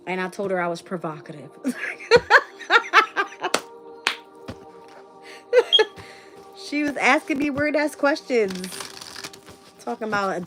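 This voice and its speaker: A woman hosting a tarot channel in a casual live-stream chat, blunt and profane and laughing often. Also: mid-range voice. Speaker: tarot reader and channel host.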